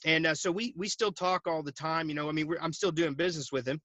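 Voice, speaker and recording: Bright, high-voiced man telling a story. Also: fast, no echo. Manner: animated storyteller, laughs often, acts out quoted dialogue. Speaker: guest, insurance agency owner. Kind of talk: storytelling interview. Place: at home. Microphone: video call.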